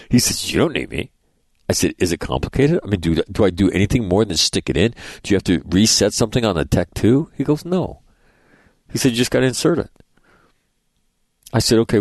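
A man's voice: deep voice, a little mellow, dry recording. A middle-aged man hosting a radio show, telling rambling, profane anecdotes and acting out the dialogue in a casual monologue.

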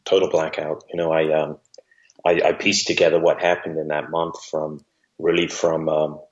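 A man with an English accent, a guest talking in a wry, measured, self-deprecating way. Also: a bass voice, little pitch movement, dull audio. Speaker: guest, former Marine officer. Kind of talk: casual conversation.

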